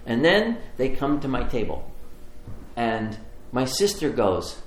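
A man telling a personal story in a sermon with lively, rising storytelling, then leading a slow prayer. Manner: animated storytelling, climbing high in pitch when excited. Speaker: pastor. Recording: echoey room.

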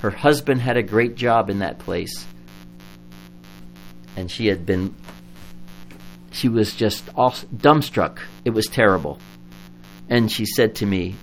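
A man's voice: lowish voice, unhurried, long pauses, slight background noise, poor audio. A man preaching a sermon as a Lutheran pastor, explaining doctrine and telling a story in an earnest way. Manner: earnest storytelling, lively when recounting a story.

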